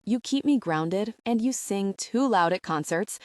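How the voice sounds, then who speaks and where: A woman reading as a guy proposing, tender and earnest, warm heartfelt storybook voice, dry close sound. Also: medium pitch, expressive, a little slow, no echo, close to an everyday voice.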